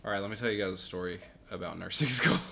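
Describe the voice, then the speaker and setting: A man, a podcast guest, telling a casual anecdote with animated delivery, acting out voices and laughing often. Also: low voice, fast talker, vocal fry, background noise. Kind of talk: casual storytelling.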